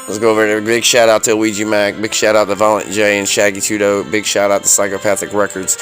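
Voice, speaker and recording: A man's voice: on the low side, level tone, fast talker, a bit bright, faint music behind. A man hosting a podcast, reviewing wrestling shows in a casual, rambling way, full of ums and swearing.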